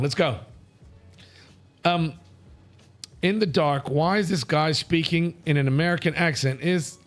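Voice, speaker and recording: A male talk show host from India reads viewer comments live, blunt and brash, quick to joke and swear. His voice sits a little high for a man. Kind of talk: casual live show chat. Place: studio.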